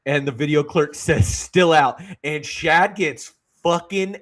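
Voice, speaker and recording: A man co-hosting a relaxed movie podcast, talking in a fairly high voice. He is eager and loose, quoting favorite lines and breaking into laughs as he goes. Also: measured pace. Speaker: podcast co-host. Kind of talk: casual chat about a movie.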